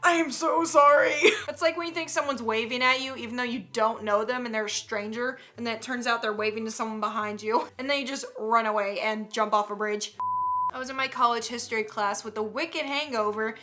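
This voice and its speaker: A woman's voice: a little high, sharp tone. A woman hosting her channel, reading tweets aloud and reacting with frequent laughter and exaggerated outbursts. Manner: giggly, laughs often between lines. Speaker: YouTube host.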